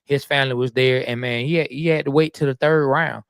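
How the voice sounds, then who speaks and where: A man co-hosting a casual sports talk show, speaking in a measured way with frequent stammering restarts. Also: mid-range voice, steady tone, creaky, clear, resonant tone, no echo, clean studio sound.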